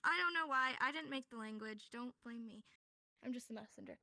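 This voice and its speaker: A woman's voice: fairly high pitch, fairly quick, sharp tone, no echo. A woman teaching a casual online class, explaining step by step in an upbeat, joking way. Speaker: sign language teacher.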